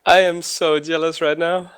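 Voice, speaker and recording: A man's voice: fairly high pitch, level tone, normal speed, noisy background. A laid-back man on a gaming roundtable who stammers when unsure. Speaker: panelist. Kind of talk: casual gaming roundtable chat.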